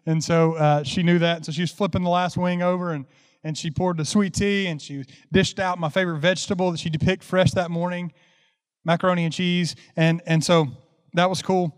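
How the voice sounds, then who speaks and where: A man's voice: sits high, level tone, normal speed, clean tone, big-room sound. A man preaching a sermon, telling a folksy story that builds into fervent preaching. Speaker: pastor.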